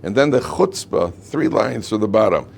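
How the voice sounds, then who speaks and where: Male rabbi, lively lecture, rhetorical questions, low voice, faint room hum. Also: moderate pace, vocal fry. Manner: animated, rhetorical questions, tells fables. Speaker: rabbi teaching a class. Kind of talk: Torah lecture to students. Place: classroom with air conditioning.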